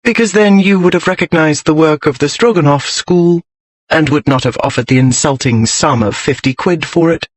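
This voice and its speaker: A sharp-witted young lady, cool and unruffled, as a male narrator puts her on, lifted a little higher than his own fairly high voice. Her lines come crisp, arch and precise, as in a storybook romance. The sound is dry and close. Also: normal speed, no room sound, close to an everyday voice.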